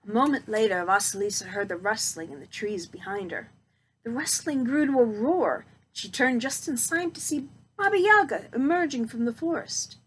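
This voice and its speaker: A woman reading a storybook aloud, expressive and slowing down for suspense. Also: a little high, husky, low-quality recording.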